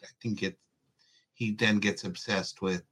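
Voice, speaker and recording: Laid-back lower-voiced male author. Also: unhurried, husky. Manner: relaxed storyteller, lots of fillers. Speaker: author guest. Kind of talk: casual interview chat.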